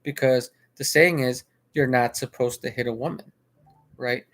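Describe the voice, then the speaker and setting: A man's voice: medium pitch, fairly even intonation, moderate pace, fairly bright tone. A man casually recounting a video he watched, rambling, restarting his sentences and repeating himself. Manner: rambling with frequent restarts and filler. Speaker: vlogger. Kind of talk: casual spoken commentary.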